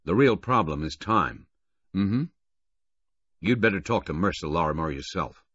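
An earnest, steady racing official, read by a man with a deep, husky voice. He speaks with a lively rise and fall. The sound is dry and muffled. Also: no echo, heavily acted. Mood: brisk. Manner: earnest, halting when grieving. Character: grieving but steady middle-aged racing official.

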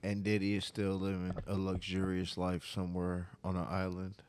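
A man's voice: sits low, completely flat delivery, normal speed, a little mellow, a little hiss or hum. A young man co-hosting a podcast in laid-back casual chat, swearing casually. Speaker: podcast co-host.

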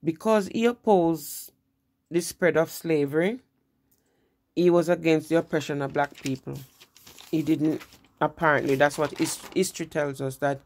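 A woman's voice: deep voice, steady tone, moderate pace, darkish tone, slight background noise. Lady teaching history, chatty, lots of you know and restarts. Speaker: presenter. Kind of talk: informal history lesson.

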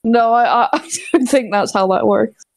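A woman's voice: a little high, normal speed, darkish tone, dry recording. A British woman hosting a gaming stream, chatting casually and laughing often into a close mic. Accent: British English. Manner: giggly, bubbly, laughs often. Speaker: streamer host.

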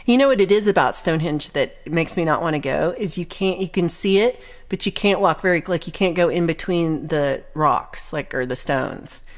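A young woman with a slightly low voice chats casually on her music livestream, reading viewer comments aloud. She rambles playfully, drifting between thoughts with frequent ums and small laughs. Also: lively intonation, moderate pace, few pauses.

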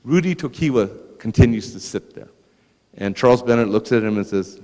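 A man giving a public lecture at a museum, telling a story in a lively anecdotal way and turning to the audience with asides. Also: on the low side, a little fast. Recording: long reverb in a large hall.

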